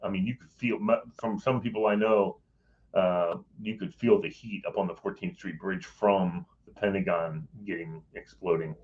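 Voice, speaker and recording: A deep-voiced middle-aged man speaks at a moderate pace, with the highs cut off in the recording. As a guest in casual chat, he tells a personal story with animation, acting out what people said and chuckling as he goes.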